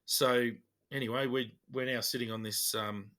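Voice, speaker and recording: An Australian man co-hosting a podcast, telling old police stories in a relaxed, chatty way. His voice is bright and forceful, and he brings the tales to life by acting out what people said. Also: mid-range voice, moderate pace. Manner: animated, acts out dialogue in his stories. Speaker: podcast co-host, police officer. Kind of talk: casual storytelling chat.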